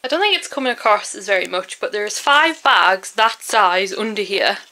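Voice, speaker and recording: A woman's voice: medium pitch, lively intonation, moderate pace, bright, forceful tone, low-quality recording. A young woman chatting casually in a vlog, ranting in an exasperated way and saying "like" often. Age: young adult. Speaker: vlogger.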